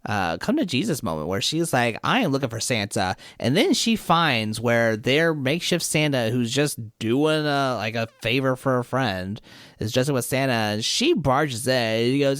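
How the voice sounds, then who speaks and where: A man's voice: mid-range voice, animated, normal speed, a bit bright, clear, resonant tone, no room sound, clean studio sound. A man co-hosting a podcast, animatedly retelling an episode and quoting the characters. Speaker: podcast co-host. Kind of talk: casual chat, retelling an episode.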